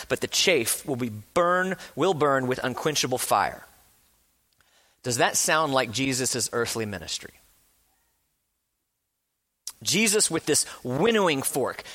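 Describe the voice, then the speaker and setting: Earnest male preacher, slightly high voice. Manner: earnest, speeds up and slows down, drops to a hush for emphasis; acts out quoted speakers with rising passion. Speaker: pastor. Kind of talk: sermon.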